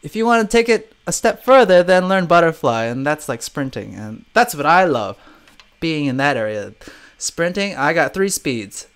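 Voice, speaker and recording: A man's voice: fairly high pitch, normal speed, clean tone. A young man from Chicago hosting a casual live stream, talking emphatically and asking rhetorical questions as he reads out viewer comments. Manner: lively, emphatic, rhetorical questions, reads chat names aloud. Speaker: live-stream host, guitarist. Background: soft guitar playing.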